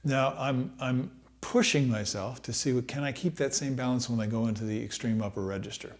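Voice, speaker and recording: A middle-aged man giving a relaxed trumpet lesson, thinking aloud with many pauses and fillers. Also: mid-range voice. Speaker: trumpet teacher. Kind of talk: relaxed practice-room lesson.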